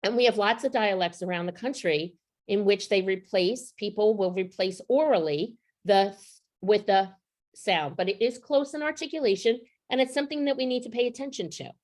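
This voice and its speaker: A woman's voice: medium pitch, normal speed. A woman presenting a literacy training session to teachers, explaining student writing samples and often checking in with the audience. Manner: explanatory, checks in with rhetorical "right?". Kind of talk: professional development presentation.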